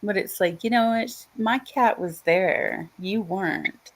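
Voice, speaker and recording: A woman hosting a stream, chatting casually and telling slow, relaxed stories on a video call. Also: mid-range voice. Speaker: stream host. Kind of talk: casual chat.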